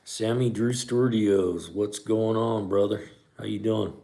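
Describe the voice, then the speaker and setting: A man's voice: lowish voice, steady tone, slow, creaky, mellow. A middle-aged man hosting a podcast livestream, chatting casually and reading live comments in a laid-back way.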